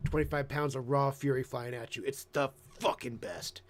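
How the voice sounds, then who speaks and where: A man chatting casually on a live stream, rambling and swearing, now and then jumping into excited high voices. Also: normal speed. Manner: profane, rambling, bursts into excited squeaky voices mimicking himself. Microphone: headset.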